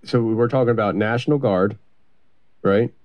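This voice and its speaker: A man's voice: on the low side, moderate pace. A man interviewing someone, asking clarifying questions to keep the story straight. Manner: checking and clarifying details. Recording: muffled lo-fi recording.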